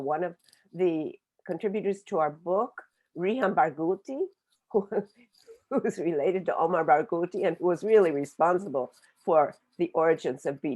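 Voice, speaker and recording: A woman in her seventies with a somewhat low voice recounts her own past in an earnest, reflective manner. She pauses and restarts often while she gathers her thoughts. She sounds as if she is speaking over a video call. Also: darkish tone. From Oklahoma, USA. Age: 70s. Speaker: book author speaking on a webinar. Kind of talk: personal storytelling.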